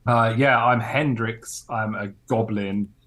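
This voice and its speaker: Laid-back man, fairly low voice. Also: slow pace. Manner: relaxed, brief replies. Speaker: player. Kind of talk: casual tabletop play.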